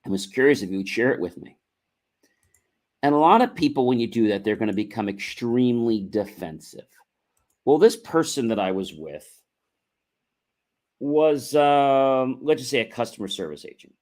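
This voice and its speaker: Male motivational host, low voice, earnest and measured, lots of fillers. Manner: earnest, repetitive, addresses "ladies and gentlemen"; measured delivery with frequent fillers. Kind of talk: motivational livestream talk.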